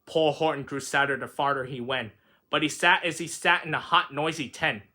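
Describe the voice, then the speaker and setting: A man's voice: on the high side, moderate pace, pushed and bright. A man reading a rhyming picture book aloud with a sing-song delivery. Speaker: reader.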